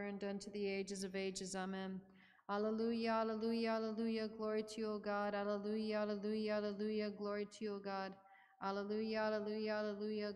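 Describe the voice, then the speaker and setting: A woman reading psalms aloud in a steady, measured liturgical recitation during a church service. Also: mid-range voice. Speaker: reader of psalms. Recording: long church reverb.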